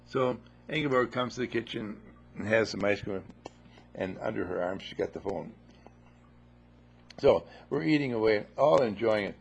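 A man's voice: lowish voice, moderate pace, gravelly, long pauses, husky, dull audio. A man giving a spoken teaching talk, telling playful stories and repeating his phrases for effect. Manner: playful, repetitive storytelling.

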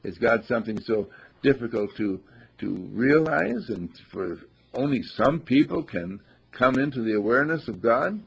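Gravelly, husky man telling spiritual parables. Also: mid-range voice, expressive, moderate pace. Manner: soft-spoken storyteller, voices characters in quotes. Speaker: spiritual teacher. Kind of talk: reflective spiritual talk with told stories. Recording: dull lo-fi recording.

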